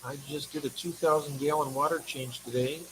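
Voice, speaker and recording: A man's voice: on the high side, steady tone, brisk, fairly bright tone, a little hiss or hum, poor audio. A man hosting a casual livestream, chatty and affectionate, reading viewer comments aloud and sounding tired. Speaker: livestream host.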